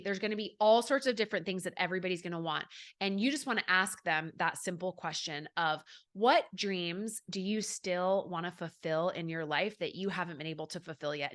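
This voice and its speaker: A woman's voice: lowish voice, fairly bright tone. A woman hosting a solo podcast, coaching in a chatty, upbeat way with many fillers, acting out the people she quotes. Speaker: podcast host and network marketing coach.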